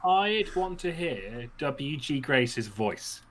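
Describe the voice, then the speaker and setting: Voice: mid-range voice, slow, crowd noise. A streamer chatting casually on a live stream, telling jokey stories in a playful way. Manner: playful, animated storyteller. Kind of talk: casual livestream chat.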